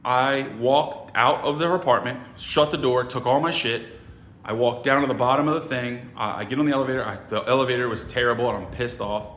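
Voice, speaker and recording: Middle-aged man, casual profane storyteller, bright voice, echoey room. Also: mid-range voice, fairly quick. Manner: animated, profane, acts out other voices. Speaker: sales trainer telling a story.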